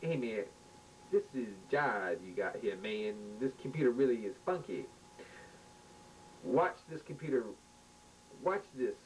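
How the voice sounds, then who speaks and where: A man doing a brash, shouting male visitor. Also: very animated, unhurried, long pauses. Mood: boisterous. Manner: shouty, slangy. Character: brash, loud male visitor who boasts and dances. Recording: distant mic with faint rumble.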